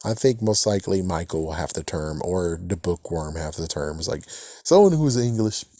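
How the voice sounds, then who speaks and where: Male reviewer, low voice, loose and profane, casual recap with frequent chuckles. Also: animated, normal speed, mellow, no room sound, studio quality. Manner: rambling, swears casually, chuckles often. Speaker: TV episode reviewer.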